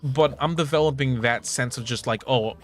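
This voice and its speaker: A man's voice: mid-range voice, moderate pace. A man in his late twenties chatting casually while streaming a game, joking, swearing and laughing often. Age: 20s. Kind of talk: casual gaming stream chat.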